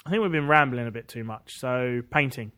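A man's voice: mid-range voice, brisk, a bit bright. A man co-hosting a casual podcast, joking around and restarting his lines. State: out of breath from stairs. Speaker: podcast co-host. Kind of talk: casual chat.

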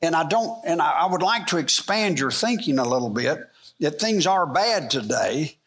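A man's voice: fairly high pitch, sing-song, moderate pace, a bit bright, slight background noise. A man teaching a church Bible lesson, asking the room rhetorical questions and circling back with fillers and restarts. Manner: rhetorical questions, rising emphasis; rambling, frequent fillers and restarts.

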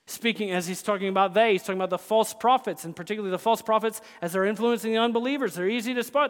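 A man preaching a sermon as pastor, with impassioned delivery that swings between loud proclamation and hushed intensity. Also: high voice, fast talker, few pauses. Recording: long church reverb.

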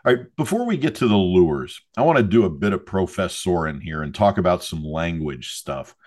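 A man hosting a podcast speaks with a very low voice. He tells stories in a wry, self-deprecating way and leads a friendly interview. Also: big pitch swings, moderate pace, a little mellow. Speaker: podcast host.

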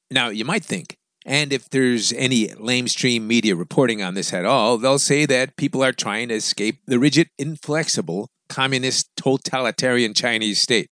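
A man's voice: mid-range voice, a bit bright, no echo, studio quality. A man hosting a radio show, delivering an opinionated, sarcastic monologue full of wisecracks.

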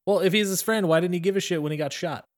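A man's voice: high voice, fast talker. A man co-hosting a casual movie recap chat, laid-back, laughing often and swearing casually. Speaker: podcast co-host.

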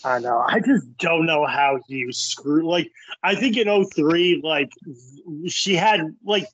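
A man's voice: a little high, slow pace, a bit bright, no echo, lo-fi sound. A man guesting on a casual podcast chat, hesitant, with many fillers and restarts.

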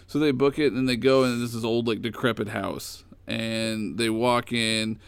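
Guy with a gravelly voice rambling through a story, dry close sound. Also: medium pitch, normal speed, dry recording. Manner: rambling, animated storytelling with fillers. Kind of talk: casual chat retelling comic stories.

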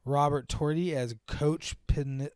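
A man co-hosting a casual movie podcast, joking crudely and slipping into quick voices when he quotes characters. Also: fairly high pitch, fairly even intonation, darkish tone, smooth, no room sound, studio quality. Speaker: podcast co-host.

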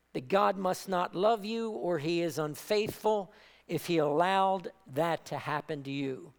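Slow gravelly woman preaching. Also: a little high, long reverb tail. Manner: emphatic, repetitive preaching cadence. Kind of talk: sermon.

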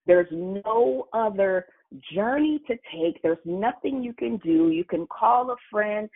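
Slow, husky woman preaching over a phone line. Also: medium pitch. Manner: emphatic, spells out words and repeats phrases. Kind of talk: sermon.

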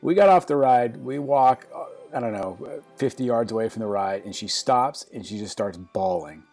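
A man in his forties, co-hosting a podcast, tells a family story in casual chat. His voice sits at an ordinary middle pitch, and he stumbles and repeats words as he talks. Faint music plays behind him. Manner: halting, repeats words, warm laughter. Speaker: podcast co-host.

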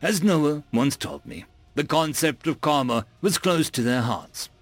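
A man narrating an audiobook chapter in an even, storytelling way. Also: on the high side, measured pace. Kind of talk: scripted narration.

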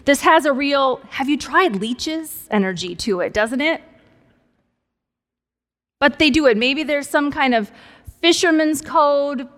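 A woman's voice: high voice, unhurried, pauses often, a bit bright. A woman pastor preaching a sermon in a conversational, playful way with humorous asides. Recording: long hall reverb.

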